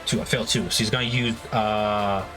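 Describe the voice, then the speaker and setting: A man's voice: lowish voice, fairly even intonation, a little fast. A man acting as game master, explaining the rules and laughing easily. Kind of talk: running a tabletop game. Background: background music.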